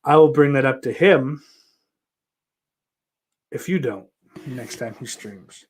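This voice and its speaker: A man's voice: medium pitch, slow, breathy edge. Rambling, swearing podcast host man. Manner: rambling, swears often, many fillers and restarts. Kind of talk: casual chat answering viewer questions.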